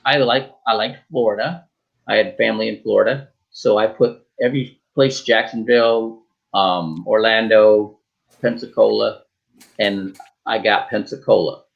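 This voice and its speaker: A man's voice: lowish voice, gravelly. Joking storyteller man, lo-fi sound. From Michigan. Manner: joking, animated, with quick quoted dialogue and restarts. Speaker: guest. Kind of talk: storytelling in a talk show interview.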